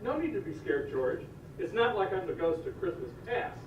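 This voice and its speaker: A man's voice: high voice, very animated, normal speed, a little hiss or hum. A man playing an upbeat, friendly neighbor who scolds and persuades, in an amateur comic church video heard dull and distant in an echoing room. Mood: teasing.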